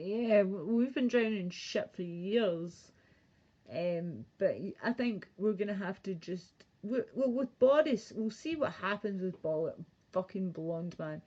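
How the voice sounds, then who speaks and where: A woman's voice: medium pitch, lively intonation, a little slow, mellow. A young woman chatting casually and crudely on a home live stream, rambling and laughing. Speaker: livestreamer. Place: home bedroom. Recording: dull lo-fi stream audio.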